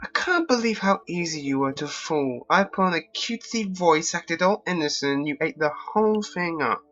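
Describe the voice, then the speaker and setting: A scheming noblewoman gloats in a smug tone, as a man puts her on. Her voice sits only slightly higher than his own, with a mellow timbre. The recording sounds dull and lo-fi. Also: lively intonation, normal speed, soft background music.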